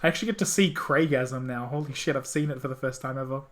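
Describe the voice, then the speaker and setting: A man's voice: mid-range voice, steady tone, fast talker. A man chatting casually while streaming a story game, often stumbling over his words.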